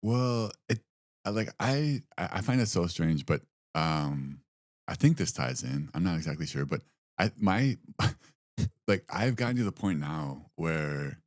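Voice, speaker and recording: Very deep-voiced man, halting chat. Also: lively intonation, dry recording, clean studio sound. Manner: halting, restarts, self-deprecating. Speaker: podcast co-host. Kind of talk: casual chat.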